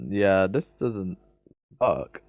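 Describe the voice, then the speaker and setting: Laid back young dude, low voice that jumps around a lot, dry close mic. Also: male voice, animated, extremely slow, dry recording, phone-quality sound. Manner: easygoing, agreeable, laughs often. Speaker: podcast co-host. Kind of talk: casual podcast chat.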